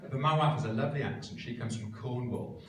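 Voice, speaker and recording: A man's voice: medium pitch, fast, fairly bright tone. A middle-aged man from Wales doing a live stand-up set to a crowd, with a dry, self-mocking, punchy delivery. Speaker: stand-up comedian. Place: comedy club stage. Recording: echoey room, distant mic, noisy. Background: crowd laughter and room ambience.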